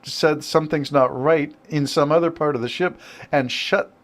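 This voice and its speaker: A man's voice: on the high side, steady tone, moderate pace. A man hosting a podcast from a home studio, in rambling casual chat, laughing often. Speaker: podcast host.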